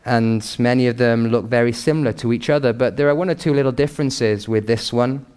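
A man preaching a sermon in an earnest, measured and emphatic pastoral way. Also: mid-range voice, darkish tone, clear, resonant tone.

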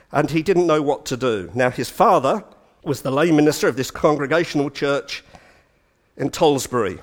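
Animated man telling a story. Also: medium pitch. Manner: animated, with chatty asides. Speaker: speaker giving a talk. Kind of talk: storytelling lecture.

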